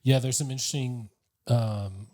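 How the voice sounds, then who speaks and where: A man's voice: mid-range voice, fairly even intonation, normal speed, darkish tone, no room sound, clean studio sound. A man co-hosting a casual movie review, chiming in and finishing his partner's sentences. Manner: chimes in, finishes the other host's sentences. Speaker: podcast co-host.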